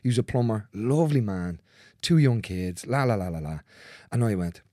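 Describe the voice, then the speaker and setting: A warm, lowish male voice carries these client anecdotes at a moderate, expressive pace. The man, a manual therapist, is chatting casually, swearing openly and bluntly as he mimics what people said, all recorded clean and dry in a studio.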